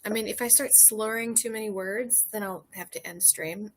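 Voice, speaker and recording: Slightly tipsy, husky-voiced American woman. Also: mid-range voice, normal speed. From United States. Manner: rambling, loose, sprinkled with fillers and swearing. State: a little tipsy. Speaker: streamer chatting with viewers. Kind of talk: casual chat. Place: porch outdoors.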